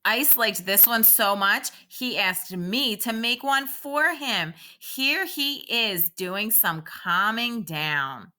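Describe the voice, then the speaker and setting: A woman teacher reading a picture book aloud to young children and guiding them through a calming exercise in a slow, sing-song way. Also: fairly high pitch.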